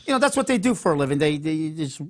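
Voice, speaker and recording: A man's voice: on the high side, very animated, fast talker. Chatty, laughing male show host. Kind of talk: casual chat.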